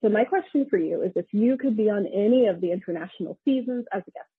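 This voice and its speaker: Breathy woman on a tinny voicemail. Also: medium pitch, lively intonation, fast talker, no echo. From United States. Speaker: caller leaving a voicemail. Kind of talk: voicemail message. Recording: dry tinny phone voicemail.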